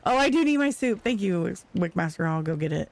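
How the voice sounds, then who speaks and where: Woman streamer chatting w viewers, bit of vocal fry, animated storytelling, laughs a lot. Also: on the low side, fairly quick, dry recording. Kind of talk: casual chat while gaming.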